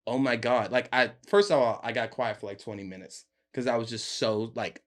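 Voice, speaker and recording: Animated young man telling a story. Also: medium pitch, fairly quick. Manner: animated, laughing, voices friends in quotes. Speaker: podcast guest, actor. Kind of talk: casual storytelling chat.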